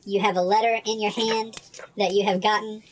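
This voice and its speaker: A woman's voice: mid-range voice, flat delivery, fairly quick, a little hiss or hum, poor audio. A woman narrating as game master in a casual, chatty, laughing way.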